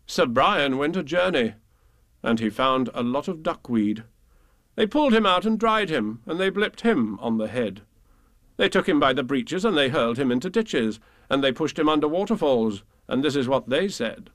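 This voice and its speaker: A man reading children's poems and stories aloud in an expressive, lilting way. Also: mid-range voice, normal speed, no echo, studio quality. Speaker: reader.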